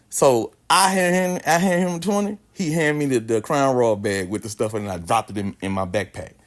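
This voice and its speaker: A man's voice: mid-range voice, brisk, few pauses. A man telling a casual, slangy story with plenty of swearing and a lot of expression. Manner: animated, slangy, swears freely.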